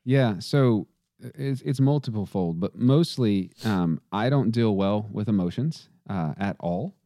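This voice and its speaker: A man's voice: lowish voice, lively intonation, measured pace, warm tone, dry recording, studio quality. A man with a faint Southern accent, a podcast guest talking in a loose, rambling way with many fillers and restarts. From southern United States. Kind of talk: casual conversation.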